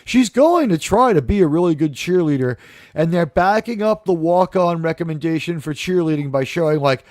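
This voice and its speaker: A fairly high-voiced man hosts a live chat about a TV episode, animated and quick to act out quoted lines. His voice sounds close and dry, with no room around it. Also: dry recording. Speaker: host of a TV review discussion. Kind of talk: casual chat, recapping an episode.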